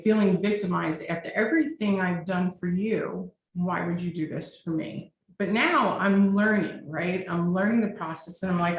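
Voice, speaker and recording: A woman's voice: fairly low pitch, normal speed, few pauses. A middle-aged woman therapist talking over a video call, explaining in a conversational way and often checking in with the listener. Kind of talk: conversational teaching talk. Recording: echoey room with faint noise.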